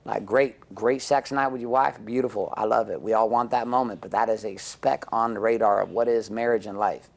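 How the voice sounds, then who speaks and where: A man's voice: on the low side, fairly even intonation, a little fast, gravelly, few pauses. A middle-aged man giving an intense, candid interview, blunt and profane, acting out the people he quotes as he tells stories. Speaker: interview guest.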